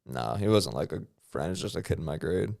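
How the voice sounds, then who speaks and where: A man's voice: extremely low pitch, lively intonation, fast talker, vocal fry, a little mellow. A man in his twenties co-hosting a podcast, rambling in a laid-back, sweary way. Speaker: podcast co-host. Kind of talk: casual chat.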